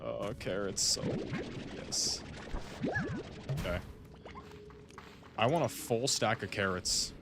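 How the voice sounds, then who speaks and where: On the low side with vocal fry, a gaming streamer speaks slowly and pauses often against a noisy background. He chats casually during play, rambling and thinking aloud to friends with lots of "like."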